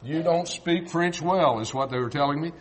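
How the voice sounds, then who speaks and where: A man's voice: on the high side, moderate pace. An older man from South Texas preaching a sermon, folksy and emphatic, mixing Bible argument with family stories.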